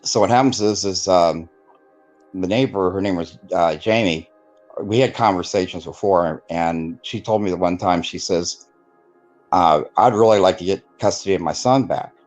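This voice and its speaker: A man's voice: low-pitched, moderate pace, a little mellow, soft background music. A man telling his life story in a casual interview, rambling with many fillers and acting out the voices of people he quotes. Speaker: guest telling his testimony.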